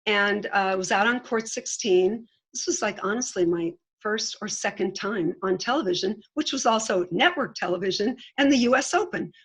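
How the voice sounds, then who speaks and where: Husky lady spinning self-deprecating stories on a video call. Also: medium pitch, poor audio. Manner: self-mocking, lively storyteller. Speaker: guest, veteran sports broadcaster. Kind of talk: animated anecdote telling on a video call.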